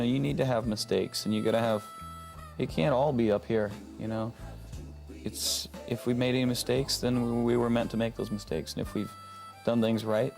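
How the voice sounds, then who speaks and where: A man reflects in a rambling interview answer, his voice heavily gravelly with fry. A little music is faintly heard behind. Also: mid-range voice, darkish tone.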